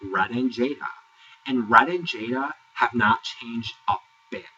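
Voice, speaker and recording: A man giving a sassy, exasperated casual review, ranting and sometimes mocking people in high put-on voices. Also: measured pace, sharp tone, breathy edge, far from the mic. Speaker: reality TV reviewer. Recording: dull, lo-fi, voice set back from the mic.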